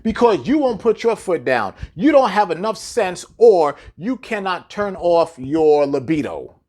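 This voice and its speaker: A man's voice: sits high, sing-song, unhurried, a little mellow. A man delivering a blunt, profane monologue full of rhetorical questions and repetition, lecturing his audience. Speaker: commentator. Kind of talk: preachy monologue to camera.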